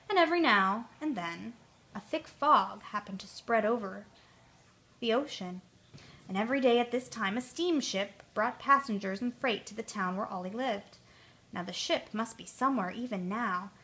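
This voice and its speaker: A woman storyteller reading a children's story aloud in a gentle, expressive way. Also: medium pitch.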